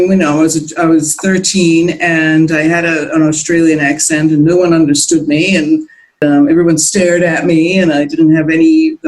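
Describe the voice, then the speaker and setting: A woman's voice: on the low side, low-quality recording. A middle-aged American woman being interviewed as a guest, talking in a reflective, meandering way with many restarts. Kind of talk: casual interview chat.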